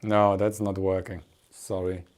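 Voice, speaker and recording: A man's voice: low-pitched, level tone, a little slow, darkish tone. A man streaming live as he builds an electronics project, thinking aloud and laughing often as he works.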